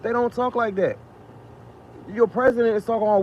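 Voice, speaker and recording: A man's voice: very high-pitched, fairly even intonation, normal speed, long pauses, a little mellow. Fired-up man ranting on a stream. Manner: emphatic, repetitive, rhetorical questions, profane. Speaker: live streamer. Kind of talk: casual live-stream rant. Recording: muffled lo-fi sound with faint noise.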